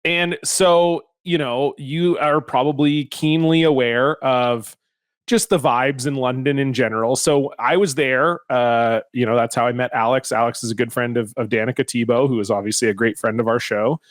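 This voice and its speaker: A man hosting a comedy podcast, telling stories in a lively, exasperated way and swearing freely. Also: mid-range voice, normal speed, no echo, clean studio sound. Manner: animated, exasperated storytelling with frequent swearing. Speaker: podcast host. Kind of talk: casual comedic podcast chat.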